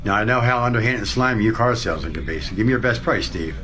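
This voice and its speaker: A man's voice: lowish voice, lively intonation, quick pace, bright, forceful tone, voice pushed down. A man voicing an impatient, suspicious adult male car buyer in a comedy skit clip, blunt and swearing. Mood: exasperated.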